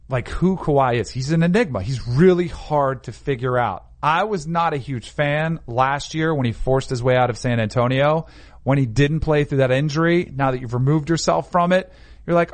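A man hosting a casual sports chat show, conversational and opinionated. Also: on the high side. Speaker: sports talk host.

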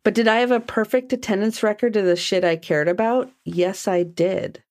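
Young woman co-host, playful drawl, mid voice, quick to laugh. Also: medium pitch, fairly even intonation, darkish tone. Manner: drawn-out, playful, laughs often. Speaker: podcast co-host. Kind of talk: casual chat.

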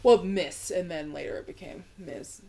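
A woman guest on a casual podcast chat, animated and swearing freely as she explains film and comic history at length. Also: lowish voice, moderate pace, creaky, crowd noise.

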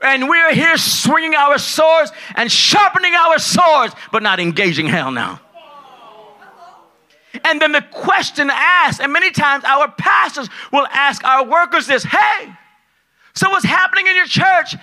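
A man preaching a sermon as pastor, loud and excitable, dropping from shouts to low asides and acting out the people in his stories. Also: measured pace. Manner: acts out dialogue in his stories. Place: large church hall at a conference.

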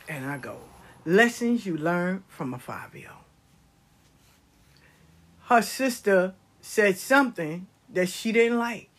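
A middle-aged woman telling comedic stories in a casual, animated way, swearing freely. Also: mid-range voice, slow, pauses often. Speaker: storyteller.

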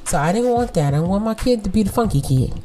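A woman's voice: medium pitch, lively intonation, fast talker, dark tone, faint music behind. A woman and mother hosting a casual motivational podcast, speaking with emphasis, repeating words for stress and often laughing.

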